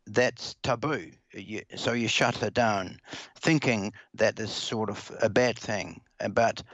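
A man talking as an interview guest, explaining at a brisk clip and often restarting or repeating words. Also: medium pitch, fairly bright tone, no echo, highs cut off. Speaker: guest expert on listening to children.

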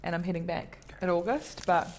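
A woman's voice: lowish voice, a little fast, slight background noise. A woman comedian chatting casually in an interview, talking in a self-deprecating way with many fillers and restarts. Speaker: comedian guest.

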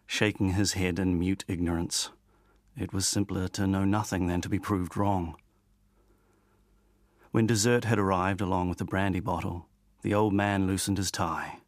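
A man with a very low voice reads a novel aloud at a measured, steady pace. His reading stays even from line to line. The recording is dry and close. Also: no echo. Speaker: audiobook narrator. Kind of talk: scripted narration.

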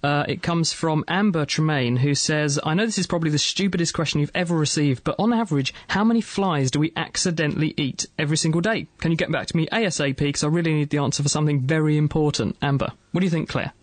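Fast-talking male radio host, dry studio sound. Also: fairly high pitch, dry recording. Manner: quick, jokey and lively. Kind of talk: studio radio science chat. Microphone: studio mic.

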